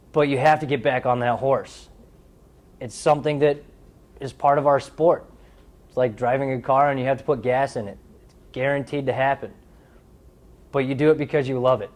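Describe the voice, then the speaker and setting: A young man in his twenties speaks in an easygoing interview tone, mid-pitched and unhurried. He talks candidly about his sport, slipping into playful anecdotes now and then. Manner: relaxed, candid storytelling with playful bits. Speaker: athlete interviewee. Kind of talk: casual interview talk.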